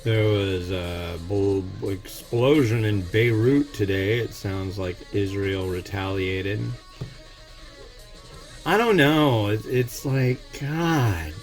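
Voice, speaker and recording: A man's voice: on the low side, slow, soft background music. A man hosting a noodle review show, chatting casually and in a rambling, opinionated way while he cooks and tastes. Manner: rambling, opinionated, restarts often. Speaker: host of an instant noodle review channel. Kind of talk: casual chat while cooking and tasting.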